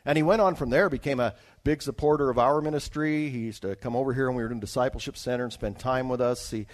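Talking fast in a mid-range voice, this man from Alaska, United States, a traveling evangelist, recounts his personal testimony in a chatty way, with restarts and asides to the audience.

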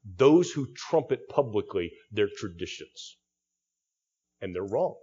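A man's voice: on the low side, very animated, slow, dark tone, husky, lo-fi sound. A male pastor giving an expository sermon, teaching through a text with frequent restarts and repeated words.

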